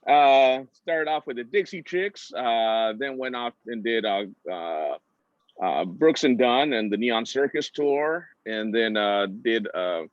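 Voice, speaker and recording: A middle-aged entertainment director, speaking as a guest, tells personal stories in an animated way, full of "uh" fillers and restarts, acting out other people's lines with big pitch jumps. The sound is dull and slightly muffled, with no room sound.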